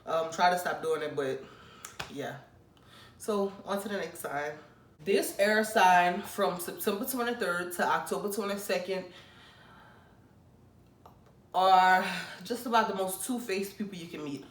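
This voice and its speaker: A young woman vlogger in a casual ranting commentary, blunt and teasing, with sudden loud outbursts. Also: lowish voice, moderate pace. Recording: roomy, mic at a distance.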